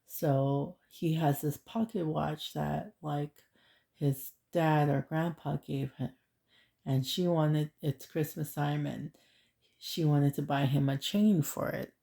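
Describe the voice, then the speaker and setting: Slow, gravelly low-voiced woman. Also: fairly even intonation, warm tone. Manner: chatty, rambling, reads affirmations slowly. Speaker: oracle card reader. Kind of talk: casual spiritual card reading.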